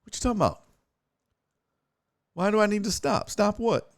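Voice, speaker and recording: A man hosting a casual streamed sports talk show, profane and excitable, chatting with his viewers. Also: high voice, moderate pace, creaky, no room sound. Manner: profane, excitable, talks to chat.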